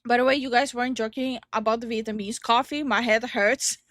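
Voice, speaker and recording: A woman's voice: on the high side, fairly even intonation, a little fast, fairly bright tone, no echo, studio quality. A young woman co-hosting a casual livestream from home, giggly and greeting chat viewers by name. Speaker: streamer co-host. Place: home streaming room.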